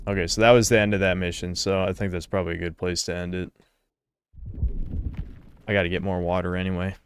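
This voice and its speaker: A man's voice: sits low, little pitch movement, quick pace, slight background noise. A young man streaming a game, rambling with crude, opinionated commentary. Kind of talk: casual gameplay commentary.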